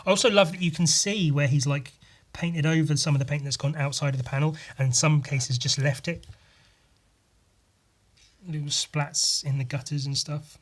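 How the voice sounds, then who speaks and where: A man's voice: a little high, fairly even intonation, moderate pace. A man hosting a casual solo podcast, rambling, swearing freely and poking fun at himself. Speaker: podcast host.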